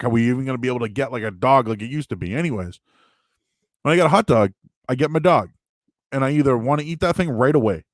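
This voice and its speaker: A man hosting a show, chatting casually and answering viewer questions in a rambling, animated way with sudden loud, high bursts. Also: no room sound. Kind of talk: casual live-stream chat.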